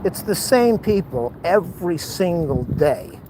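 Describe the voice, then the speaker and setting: A man's voice: high-pitched, very animated, a little slow. A man chatting casually in a walking vlog, out of breath and overheated, rambling and exclaiming often as he records outdoors near an airport. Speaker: vlogger. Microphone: camera held while walking. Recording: outdoor street noise.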